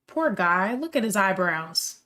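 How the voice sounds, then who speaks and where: A woman's voice: mid-range voice, big pitch swings, unhurried, pushed and bright, a little hiss or hum. A woman streaming a game, chatting and reacting with amusement while she reads dialogue aloud. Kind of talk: gameplay commentary, reading dialogue aloud.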